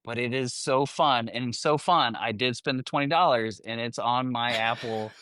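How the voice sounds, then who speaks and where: A man's voice: mid-range voice, moderate pace, bright, forceful tone, no echo, studio quality. A man co-hosting a casual podcast, talking with gushing enthusiasm. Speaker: podcast co-host. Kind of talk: casual chat.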